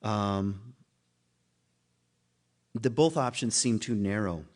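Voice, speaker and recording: A guest speaker at a spiritual community gives a loose, informal sermon talk in a lowish voice at a slow pace. He muses aloud, laughs at himself and often restarts his thoughts.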